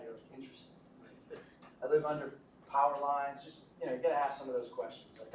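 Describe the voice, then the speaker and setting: A man's voice: mid-range voice, steady tone, fairly quick, slight background noise. Man, medical lecturer, casual joking delivery, asks the class questions, echoey room, distant mic.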